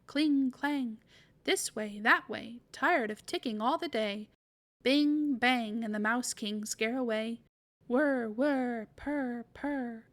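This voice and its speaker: A woman voicing an eccentric older male godfather, a clockmaker, in a grating, monotonous tone in a read-aloud storybook. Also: fairly high pitch. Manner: sing-song chanting, slowed down.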